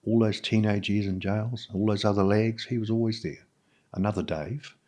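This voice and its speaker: A middle-aged man with a New Zealand accent, a podcast guest telling his own story frankly, in halting speech full of fillers and restarts. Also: on the low side, fairly even intonation, darkish tone. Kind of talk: candid personal storytelling.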